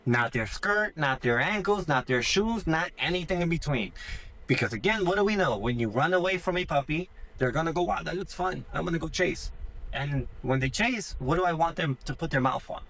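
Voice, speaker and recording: A man hosting a podcast and giving casual training tips. He talks in an animated way and acts out what owners and puppies might say. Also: fairly high pitch, fairly quick. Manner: animated, acts out puppy and owner voices, says "dude" and "transparently speaking". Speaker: dog trainer and podcast host. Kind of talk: casual instructional podcast talk.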